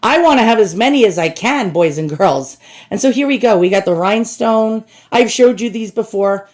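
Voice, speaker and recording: A woman's voice: medium pitch, expressive, normal speed, a little mellow. A woman in a blunt, profane, casual rant to camera, unboxing and chatting with her viewers. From United States. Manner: blunt and profane, addresses viewers as "boys and girls". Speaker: shopping vlogger. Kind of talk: casual ranting chat to camera.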